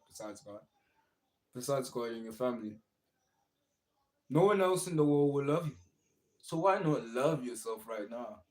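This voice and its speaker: Earnest streamer on self-love. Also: male voice, mid-range voice, poor audio. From South Africa. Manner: earnest, encouraging, repetitive phrasing. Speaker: livestream host. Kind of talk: casual motivational livestream talk.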